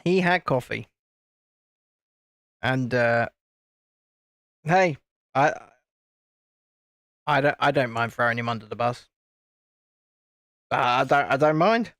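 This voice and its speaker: A man's voice: medium pitch, takes it slowly, pauses often, a bit bright, dry recording, clean studio sound. A man, hosting a casual live stream, chatting and teasing while he builds a model. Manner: chatty, teasing, self-deprecating.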